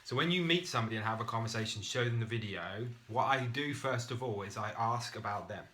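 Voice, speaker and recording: A man giving a motivational business talk to his team, telling stories in a lively, conversational way. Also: mid-range voice, fast talker. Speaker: business presenter.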